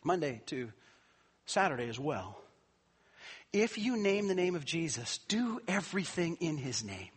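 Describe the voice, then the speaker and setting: A man's voice: on the high side, big pitch swings, a little slow, breathy edge. A middle-aged man, a pastor, tells a family story in a conversational way and then preaches with rising emphasis. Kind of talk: sermon with personal story.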